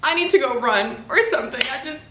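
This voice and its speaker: A woman's voice: high voice, lively intonation. Chatty young woman vlogging in a roomy room. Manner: chatty, quickly overexcited and giggly. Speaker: book vlogger. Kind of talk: casual vlog talk. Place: home. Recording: roomy home room, faint background hiss.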